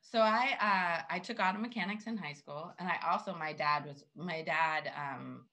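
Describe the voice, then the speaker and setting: A middle-aged woman co-host with a bright, forward voice pitched a touch low. She chats openly, laughs often and wears her feelings on her sleeve. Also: moderate pace. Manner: warm-hearted, laughs easily, emotional. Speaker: podcast co-host. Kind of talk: casual chat.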